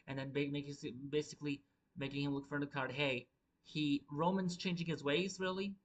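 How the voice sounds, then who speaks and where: A man's voice: on the high side, a little fast, a bit bright, poor audio. A man giving a rambling, profane live review of a wrestling show, stumbling and restarting his sentences often.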